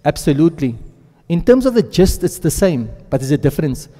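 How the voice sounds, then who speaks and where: The Quran teacher in this classroom lesson is male, pitched on the high side and mellow, with big swings in pitch, heard in a large hall. Frequent check-ins with the class punctuate his step-by-step explanations and his quick recitations of Arabic verb forms.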